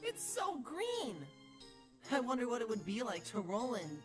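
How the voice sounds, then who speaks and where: A woman's voice: fairly high pitch, a little slow, soft background music. A woman voicing an eager, easily distracted young male shapeshifter prince in a fan-made cartoon, talking to himself. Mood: wonder. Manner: wide-eyed, excitable, talks to himself. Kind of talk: fan-animated cartoon dialogue.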